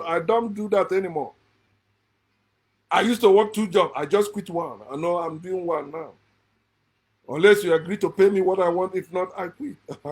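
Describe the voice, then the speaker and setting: High-voiced preachy man. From Nigeria. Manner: blunt, preachy, repeats phrases for emphasis. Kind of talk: impassioned monologue.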